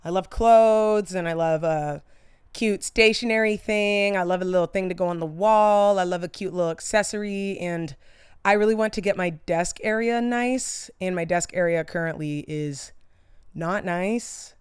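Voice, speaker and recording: A young female vlogger chats casually to camera in a lowish, clear, resonant voice at normal speed, recorded dry with clean studio sound. She's chatty and tangent-prone, drifts off topic and loses her train of thought, saying "like" a lot and swearing now and then.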